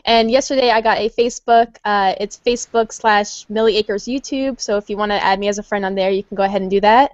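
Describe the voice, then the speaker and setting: A woman's voice: mid-range voice, steady tone, fast, hardly any pauses, no room sound, highs cut off. A woman, a YouTuber, introducing herself in a casual group chat, earnest and a bit nervous. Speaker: YouTuber guest.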